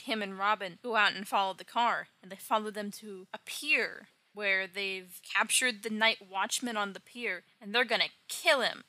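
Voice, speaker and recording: A woman's voice: medium pitch, sharp tone, dry recording. A woman casually recapping an old comic with wry, joking asides.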